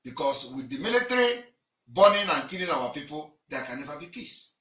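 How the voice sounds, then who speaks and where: A man giving an impassioned political address, emphatic and declaiming, swinging between loud and quiet. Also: on the high side, big pitch swings, a little fast. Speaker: livestream broadcaster. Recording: echoey room, distant mic.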